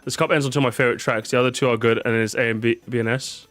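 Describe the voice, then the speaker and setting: A man's voice: medium pitch, steady tone, very fast, a bit bright, no echo. A tired man chatting casually on a live stream, repeating words, swearing and reacting to his chat.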